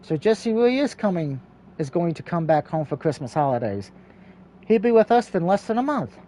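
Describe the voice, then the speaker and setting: A man reads the narration of a story game aloud, with a high voice and a dark, mellow tone. He stumbles over words and corrects himself as he goes. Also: very animated, normal speed, a little hiss or hum. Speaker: let's play reader.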